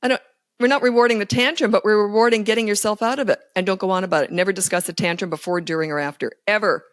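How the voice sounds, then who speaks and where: A woman talks as a parenting coach guest on a casual podcast, her pitch in an ordinary middle range. She speaks bluntly and emphatically, never doubting her views. The recording is dry and close. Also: fairly even intonation, racing, no room sound. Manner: blunt, emphatic and self-assured. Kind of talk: casual conversational interview.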